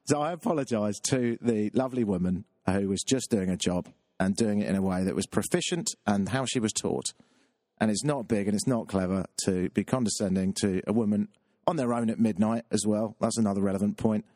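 A man's voice: on the low side, brisk, dark tone, no room sound, studio quality. A man, a talk radio DJ telling a self-deprecating, rambling story on air. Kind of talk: confessional radio monologue.

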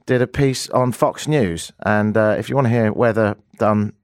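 A man's voice: fairly low pitch, normal speed, smooth, no echo, clean studio sound. A man hosting a live radio show, chatting casually in a jokey, teasing way and laughing often. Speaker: radio host. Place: radio studio. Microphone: studio microphone.

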